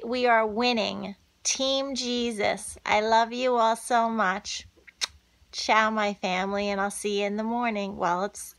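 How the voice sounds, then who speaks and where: Effusive woman with a slow, bright voice. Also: fairly high pitch. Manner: effusive, repetitive, preachy. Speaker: vlogger. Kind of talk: casual religious vlog sign-off.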